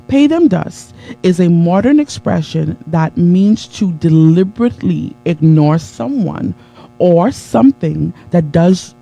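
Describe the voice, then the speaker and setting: A woman's voice: on the low side, dark tone, rough recording. A woman giving a live-streamed motivational talk in an emphatic, preacher-like way, greeting viewers as she goes. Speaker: motivational speaker.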